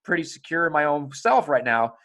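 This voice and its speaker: A middle-aged man chatting as a podcast host, with a voice that sits a little high. He tells stories with animation, jumps into the voices of the people in them and swears without a second thought. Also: brisk, a crowd in the background. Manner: animated storyteller, acts out dialogue in raised voices, swears freely. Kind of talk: casual podcast conversation.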